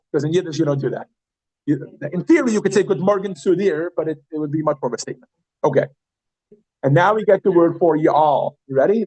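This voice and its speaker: A man teaching a Yiddish class, chatty and animated, often restarting his sentences as he talks to the room. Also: on the high side, no room sound, rough recording. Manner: animated, chatty, self-interrupting. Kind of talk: classroom lesson.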